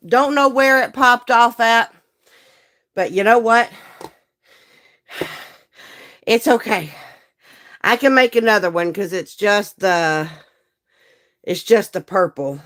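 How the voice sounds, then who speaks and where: A hoarse, croaky woman, hosting a live stream in folksy, chatty talk and greeting viewers by name. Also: fairly high pitch, slow, long pauses, fairly bright tone. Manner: chatty, folksy, laughs often. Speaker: livestream host and seller.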